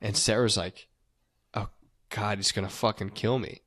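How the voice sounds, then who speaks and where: A man casually recapping a movie as a podcast co-host, telling it in an animated way, swearing and acting out the characters' lines. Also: on the low side, moderate pace, no room sound.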